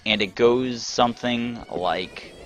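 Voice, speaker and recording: A man narrating as dungeon master, halting and full of ums as he describes the scene. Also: mid-range voice, slight background noise. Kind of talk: narrating a tabletop game. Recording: dull lo-fi sound.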